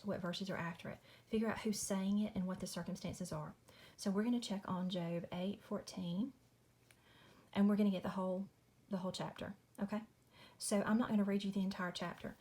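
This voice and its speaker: Woman, casual Bible study, chatty, apologetic, home at night, middle pitch. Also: steady tone, a little fast, a little mellow. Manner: chatty, apologetic, says y'all. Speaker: Christian video host.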